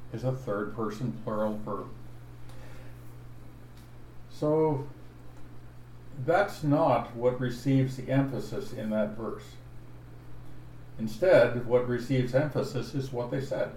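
A man preaching an expository Bible sermon, teaching slowly and deliberately and stressing each verse he points to. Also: medium pitch, darkish tone. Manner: slow, deliberate teaching with emphatic verse references. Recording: echoey room, voice from afar, faint noise.

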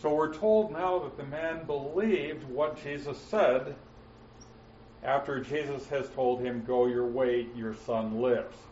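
A man's voice: mid-range voice, darkish tone, a little hiss or hum. Man teaching scripture in a roomy hall. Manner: frequent "uh" fillers, slows down to stress quoted phrases. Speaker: Bible teacher. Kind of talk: verse-by-verse Bible teaching. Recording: roomy, muffled, mic at a distance.

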